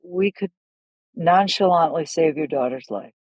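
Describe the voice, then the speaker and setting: A middle-aged woman, a golf instructor, telling stories animatedly in a casual podcast chat, with quick asides and restarts. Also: low voice, darkish tone, dry recording, poor audio.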